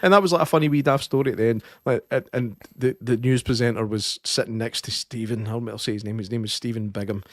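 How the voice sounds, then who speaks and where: A man's voice: medium pitch, fairly even intonation, fast talker, few pauses, dry recording, clean studio sound. Rambling Scottish man telling stories. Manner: rambling storyteller, self-correcting. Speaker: podcast co-host. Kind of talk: casual podcast chat.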